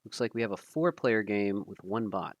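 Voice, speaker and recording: A man casually commentating a live stream, thinking aloud with fillers, self-deprecating and quick to laugh. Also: fairly low pitch, animated, no room sound.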